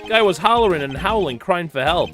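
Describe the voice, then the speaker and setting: A streamer putting on a gruff, slangy jailhouse boxer, talking tough in clipped street grammar with swagger and no patience for nonsense. The voice sits a touch high and carries over steady video game music. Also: male voice, a little fast.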